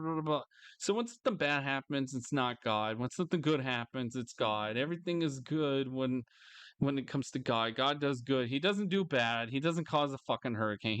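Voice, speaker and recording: A frustrated man in a solo vlog rant, swearing freely and circling back over the same complaints. His voice is smooth and clear, middle in pitch, recorded close and dry with no room sound. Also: a bit bright, no room sound. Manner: bursts into higher mocking voices. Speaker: vlogger. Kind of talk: angry ranting monologue.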